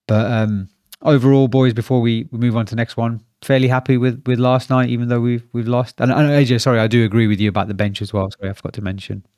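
A man hosting a casual football podcast, talking in a halting way with many fillers and restarts. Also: medium pitch, little pitch movement, a little mellow, dry recording, clean studio sound. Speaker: podcast host.

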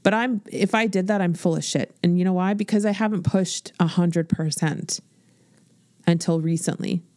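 A woman in her forties hosts a motivational podcast, speaking bluntly and swearing freely. Her voice sits fairly low and sounds animated. The sound is dry and close. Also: moderate pace, no echo. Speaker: podcast host and business coach. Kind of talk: casual motivational podcast monologue.

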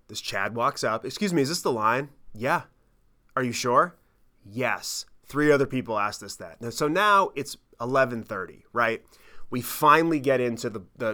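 Bright-voiced profane podcast storyteller man. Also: medium pitch. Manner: animated, profane, self-mocking storytelling. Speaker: podcast host. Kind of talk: casual storytelling monologue.

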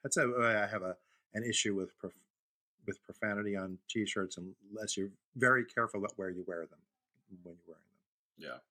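A man's voice: on the low side, moderate pace, pushed and bright. A middle-aged man from Brooklyn co-hosting a podcast in casual chat, telling anecdotes and acting out the voices in them. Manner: storyteller, acts out voices in anecdotes. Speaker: podcast co-host.

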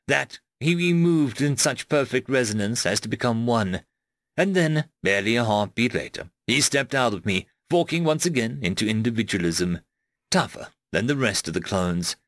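A man narrates a first-person story. His voice sits at a middle pitch and moves expressively through his lines in a measured way. The recording is dry, with no room sound. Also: a bit bright, dry recording. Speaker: audiobook narrator.

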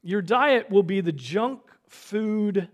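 A man preaching a sermon, earnest, swinging between loud exhortation and soft, quiet asides. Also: high voice, lively intonation, slow. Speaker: pastor.

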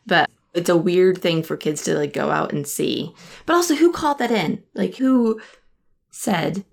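A woman's voice: fairly low pitch, lively intonation, unhurried, gravelly. A woman co-hosting a casual movie discussion, wry and questioning. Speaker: podcast co-host.

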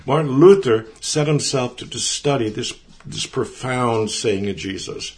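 A man gives an earnest, conversational Bible teaching. He leans into key words and repeats them for emphasis. His voice sits at an ordinary middle pitch. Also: unhurried.

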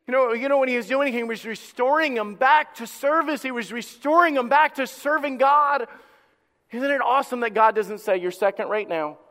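A high, bright-voiced man preaching with passion, dropping low and quiet, then rising to a shout. He often repeats his opening words as he builds each point. His voice rings out with a long reverb through a church sanctuary. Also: normal speed. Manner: impassioned preaching, swings from hushed to loud; repeats words when starting a phrase. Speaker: pastor. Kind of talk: sermon.

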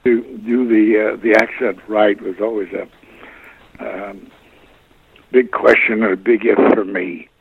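Gravelly man on a phone line. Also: lowish voice, steady tone, noisy background. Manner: halting, pauses to search for words. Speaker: voice actor guest. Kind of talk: interview answers.

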